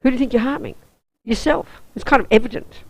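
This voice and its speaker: A woman's voice: fairly high pitch, fast, no echo, poor audio. An Australian woman, a Buddhist nun, teaching a weekend course in an intense, emphatic, down-to-earth way.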